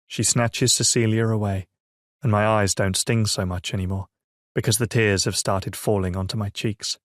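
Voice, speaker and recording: A man narrating a romance audiobook in first person, measured and emotive, on a close mic. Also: lowish voice, fairly even intonation, no room sound.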